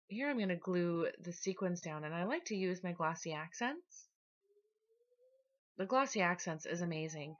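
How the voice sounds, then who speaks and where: A woman talking casually through her scrapbooking process in a relaxed, chatty voice-over. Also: on the low side, muffled recording. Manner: chatty, relaxed, with small restarts. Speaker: scrapbooking vlogger.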